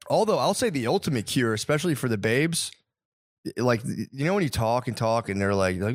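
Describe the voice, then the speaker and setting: A man's voice: medium pitch, lively intonation, moderate pace. A man telling casual stories with a lot of profanity. He laughs often and acts out quotes in a raised voice. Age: adult father. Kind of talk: casual storytelling chat.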